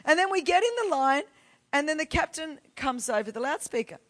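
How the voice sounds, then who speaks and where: Woman preacher with a high voice. Animated storyteller who builds to emphatic, shouted declarations. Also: fairly quick. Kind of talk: storytelling sermon.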